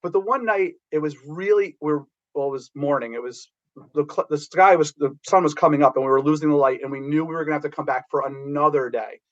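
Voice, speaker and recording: A middle-aged man telling rambling, animated anecdotes about working as a background actor, with many restarts. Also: a little high, fast, lo-fi sound.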